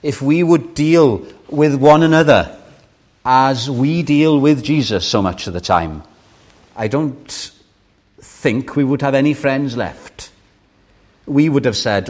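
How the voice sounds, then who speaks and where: A man's voice: medium pitch, animated, takes it slowly. An older man preaching a sermon, earnest and pleading, rising in fervour on key phrases.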